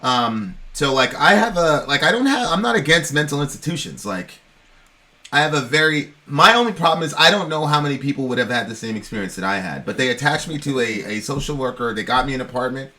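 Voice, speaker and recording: Male podcast co-host with a bright, forceful voice, telling a rambling story in a casual way. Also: medium pitch, expressive, fast. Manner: rambling, frequent "you know what I'm saying", swears freely.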